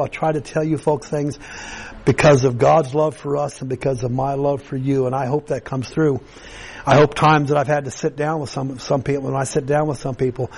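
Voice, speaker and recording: A man's voice: medium pitch, vocal fry, slightly rough, low-quality recording. A man preaching a sermon to his congregation, earnest and conversational, often restarting and repeating words as he goes. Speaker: pastor.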